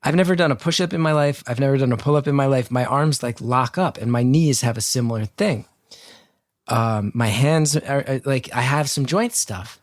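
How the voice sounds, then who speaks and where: A man's voice: medium pitch, moderate pace, no room sound, studio quality. A man telling a story on a podcast over a video call, acting out the people in it and swearing freely. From North Jersey. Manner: animated storyteller, acts out quotes, swears freely. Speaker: guest co-host.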